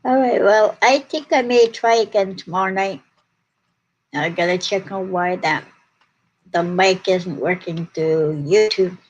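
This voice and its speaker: A tired woman hosting a casual livestream at home, talking slowly and greeting viewers in the chat. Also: mid-range voice, poor audio. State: yawning and tired. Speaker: livestream host.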